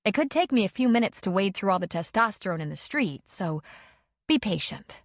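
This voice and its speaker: A woman narrator voicing a brisk, wry female medic. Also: medium pitch, sing-song, dry recording, clean studio sound.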